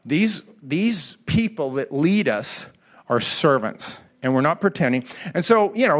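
A middle-aged pastor preaches to his congregation with a slightly high voice. He tells his story in an animated way and laughs easily along the way. His delivery is a lively sermon that stays personal. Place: church hall before an audience.

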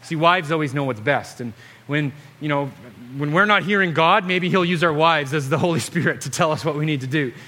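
Male preacher, high bright voice, earnest exhorting sermon delivery. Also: brisk.

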